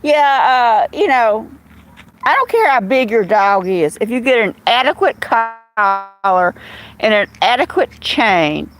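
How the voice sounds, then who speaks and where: A woman's voice: fairly high pitch, big pitch swings, slow, low-quality recording. A woman hosting a casual live stream, chatting bluntly and rambling while answering viewers' comments. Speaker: live-stream host reading chat.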